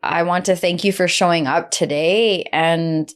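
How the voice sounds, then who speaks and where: A woman hosts a podcast conversation in a slightly low voice, gentle and empathetic as she asks her questions. She sounds deeply moved by what she hears, close to tears. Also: unhurried. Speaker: podcast host. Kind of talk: interview conversation.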